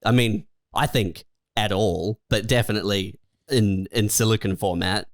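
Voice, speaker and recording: A man's voice: fairly low pitch, normal speed, no echo, clean studio sound. A man co-hosting a comedy podcast, chatting in a laid-back, rambling way with fillers. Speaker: podcast co-host. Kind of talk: casual comedic chat.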